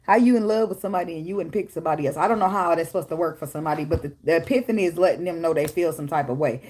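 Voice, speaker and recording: A woman's voice: low-pitched, racing, a little mellow, slightly rough. A woman giving a casual tarot reading at home, talking bluntly with lots of profanity, laughing and now and then breaking into snatches of song. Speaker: tarot reader. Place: home, with a daughter nearby.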